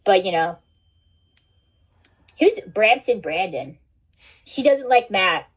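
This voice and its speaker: A woman's voice: mid-range voice, expressive, slow pace, breathy edge. Rambling, swearing woman livestreamer. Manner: rambling, swears a lot, says "like" and "dude". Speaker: livestream host. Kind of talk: casual livestream chat. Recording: dull lo-fi stream audio.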